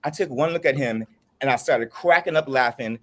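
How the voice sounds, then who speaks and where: A man in a casual group chat, telling a funny story with lots of laughter. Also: fairly quick. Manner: animated, laughs often, high squeaky voice when quoting. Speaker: chat panelist.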